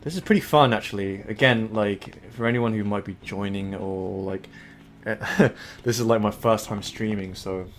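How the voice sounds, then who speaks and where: A man's voice: on the low side, steady tone, normal speed, a little hiss or hum. A young Englishman casually commenting while streaming a video game, rambling and laid-back with plenty of filler. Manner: rambling, laid-back, swears and laughs a lot. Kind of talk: let's play commentary.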